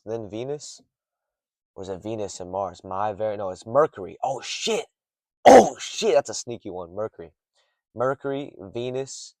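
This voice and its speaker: A man's voice: on the low side, darkish tone, no echo. A young man rambling late at night from a parked car in a garage, swearing often and drifting off topic. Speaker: streamer rambling to camera.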